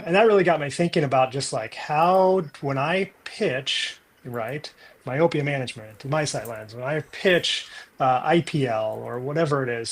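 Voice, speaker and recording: Thoughtful man rambling aloud. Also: medium pitch. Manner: rambling, thinking aloud with many fillers. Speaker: podcast co-host. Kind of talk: casual book discussion.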